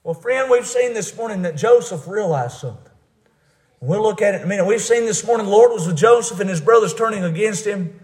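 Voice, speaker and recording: High-pitched fervent preacher. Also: male voice, lively intonation, fairly quick, roomy sound. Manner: fervent, swings from loud shouts to hushed asides. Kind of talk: sermon.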